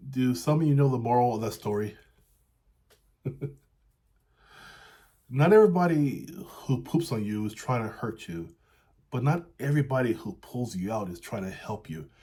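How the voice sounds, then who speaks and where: A man's voice: medium pitch, expressive, normal speed, long pauses, dark tone, slightly rough. A man working as a relationship coach, telling a fable and then talking casually about honest feedback, often tagging lines with "right?". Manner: casual, repeats "right?", laughs lightly. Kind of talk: storytelling and coaching talk.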